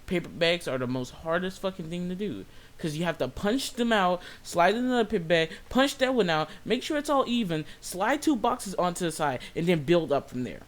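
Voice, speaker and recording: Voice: medium pitch, normal speed, hardly any pauses. A young adult retail worker telling a story in a casual, exasperated rant full of swearing. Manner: profane, exasperated, lively.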